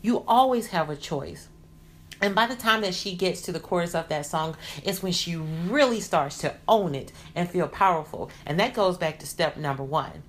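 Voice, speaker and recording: A woman hosting a motivational podcast, talking in an earnest, encouraging way that grows lively when she gets excited. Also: fairly low pitch, normal speed. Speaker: podcast host.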